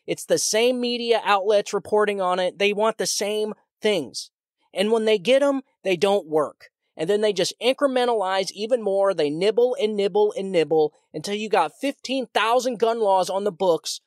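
A man's voice: high-pitched, normal speed, no room sound, clean studio sound. A man hosting his own podcast, talking in a heated, ranting way with many restarts and repeated words. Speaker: podcast host. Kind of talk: solo political commentary podcast.

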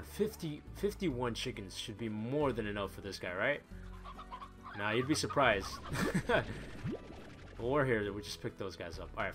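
A man doing excitable, chatty commentary as he plays a video game, thinking aloud and exclaiming often. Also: medium pitch. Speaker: let's play gamer. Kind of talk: live gaming commentary. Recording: voice over loud game music. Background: game music.

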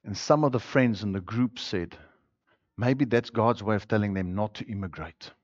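A man's voice: lowish voice, normal speed, dry recording. Man preaching a sermon on a dull, dry recording. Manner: emphatic preaching that swings from loud declarations to quiet, intimate passages. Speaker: pastor. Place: church.

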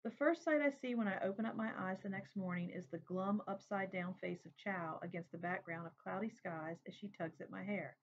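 A woman reading a memoir aloud in a steady, plain, unhurried way. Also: mid-range voice. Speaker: reader. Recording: dull lo-fi recording.

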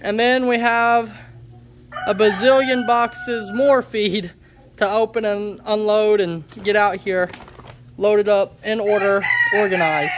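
A man's voice: high-pitched, steady tone, takes it slowly, background noise. A man hosting a casual farm vlog, upbeat and joking, who repeats words for emphasis. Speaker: homestead vlogger.

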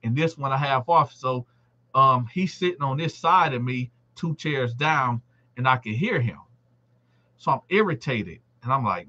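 A man's voice: mid-range voice, unhurried, lo-fi sound. A man hosting a live stream, casually telling a story from his time locked up and acting out what others said. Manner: animated, acts out other inmates' quoted lines. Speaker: livestream host telling a prison story.

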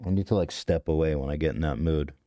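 A man in his thirties hosts a podcast, his voice rumbling low, dark and fast, captured in clean studio sound with no echo. He tells a story to stream chat casually, rambling and swearing, mocking himself and restarting often.

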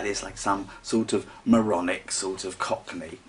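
A man's voice: on the low side, normal speed, few pauses, slight background noise. A man giving a mock-serious poetry reading in a dry, sarcastic, mock-scholarly way. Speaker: comic poetry reader.

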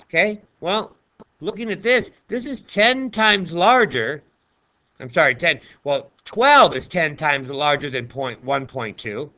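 A man's voice: on the high side, animated, a little slow, pushed and bright. A male math teacher talking through a screen-recorded lesson in a chatty, playful way, chatting to himself as he writes.

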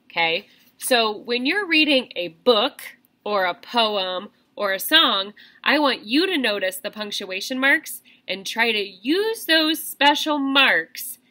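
A young woman teaching a reading lesson to small children, her voice bright and a bit higher than most. She talks in an animated, sing-song way. It sounds like a simple camera or laptop recording.

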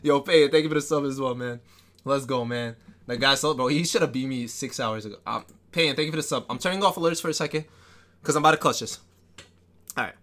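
A man streaming a basketball video game live, talking fast and loose to his chat, excitable and quick to yell or laugh. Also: medium pitch. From New York. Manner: excitable, trash-talking, bursts into yelling and laughter. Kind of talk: live gameplay commentary.

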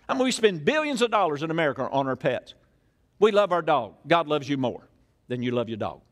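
A man's voice: high voice, fairly bright tone. An older man, preaching a sermon in a church in a folksy storytelling way full of questions to the crowd. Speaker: pastor.

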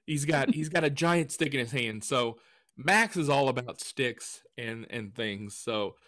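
A man co-hosting a podcast in casual chat, telling stories with lively retellings. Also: medium pitch, a little slow, dry recording, clean studio sound. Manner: animated storyteller who acts out quotes. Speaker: podcast co-host and woodworker.

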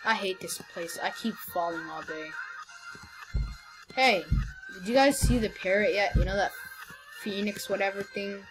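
A woman's voice: mid-range voice, normal speed, pauses often, music in the background, poor audio. A young woman giving casual, teasing commentary while playing a game, often stumbling over her words. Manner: playful, teasing, stammering restarts. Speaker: gameplay commentator.

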